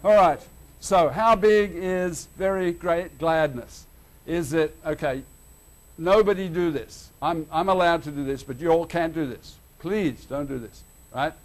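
High-voiced Australian preacher, animated. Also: male voice, measured pace. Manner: animated, swings between loud and hushed. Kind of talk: sermon.

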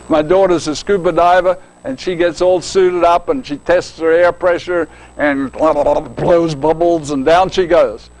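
An older man preaches with a folksy, joking touch, his voice sitting a little high for a man. He keeps asking his listeners to picture things and checks in with a quick question. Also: darkish tone, low-quality recording. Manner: folksy, joking, often asks "right?". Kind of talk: sermon.

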